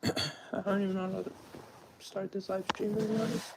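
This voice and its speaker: A man's voice: high voice, level tone, a little fast, vocal fry, very noisy. A young man talking earnestly and at length on a live stream, often stopping to correct himself. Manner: earnest, rambling, self-correcting. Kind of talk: unscripted live-stream monologue.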